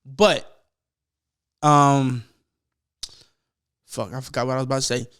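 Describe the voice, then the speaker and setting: A young man hosting a podcast, ranting casually and profanely about football, rambling and mimicking people in quick asides. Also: mid-range voice, fairly even intonation, a bit bright, clean tone. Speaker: podcast host. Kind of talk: casual sports rant.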